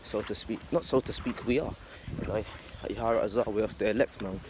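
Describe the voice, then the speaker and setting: A man's voice: on the low side, brisk, background noise. A man talking casually about faith in a loose, slangy monologue, swearing and ending lines with "man.". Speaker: religious vlogger.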